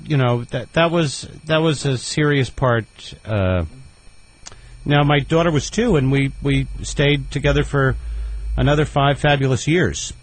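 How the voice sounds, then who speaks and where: A man's voice: medium pitch, measured pace, slight background noise, rough recording. A man, a comedian guest, telling a rambling, self-deprecating story on a radio show and laughing at his own jokes. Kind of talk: casual radio interview storytelling.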